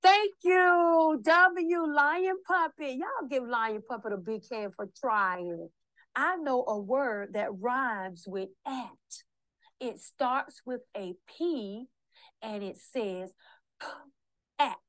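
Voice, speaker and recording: High-voiced teacher praising young kids. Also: female voice, takes it slowly, fairly bright tone, no echo. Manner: encouraging, praising. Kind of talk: classroom teaching. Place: classroom.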